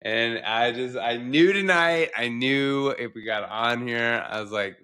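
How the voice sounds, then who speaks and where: A man's voice: medium pitch, a little slow, hardly any pauses, bright, forceful tone, smooth. A young adult man, a doctor co-hosting a podcast, talking in an earnest, reflective, emotional way. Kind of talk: casual podcast chat.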